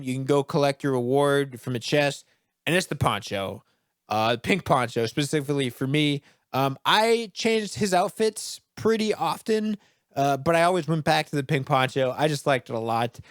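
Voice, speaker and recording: A man giving casual let's play commentary on a game he is playing, excitable, laughing often, swearing and yelling at the screen. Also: mid-range voice, moderate pace, dry recording, studio quality. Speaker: gaming video creator.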